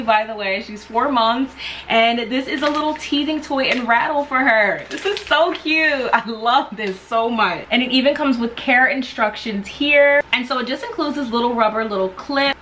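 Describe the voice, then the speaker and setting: A woman with a fairly high voice talks through a product unboxing for her vlog. She gushes with excitement over every item she pulls out, and a faint hum sits under her voice. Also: low-quality recording. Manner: gushing, enthusiastic. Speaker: vlogger.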